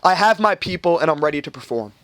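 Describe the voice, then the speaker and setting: A young man hosts a casual podcast and tells a long, rambling story full of swearing. His voice sits a bit high, and he acts out the other people as he goes. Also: animated, fast talker, fairly bright tone, dry recording. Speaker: podcast host.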